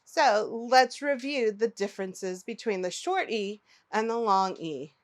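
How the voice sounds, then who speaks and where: A woman teaching phonics to young children, pronouncing each word slowly and clearly and inviting the listener to repeat it. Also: mid-range voice. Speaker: early-learning teacher.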